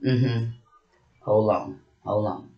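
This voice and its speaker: A woman's voice: rumbling low, steady tone, extremely slow, highs cut off, slight background noise. A woman giving a casual tarot reading, brash and mocking, with a lot of profanity. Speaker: tarot reader. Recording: roomy echo.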